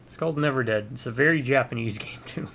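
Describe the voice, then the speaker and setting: A man's voice: mid-range voice, fast talker, a bit bright, a little hiss or hum. A man hosting a co-op gaming stream, chatting casually and rambling into jokey asides about old games. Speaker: co-op gaming channel host. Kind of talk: casual gameplay chat.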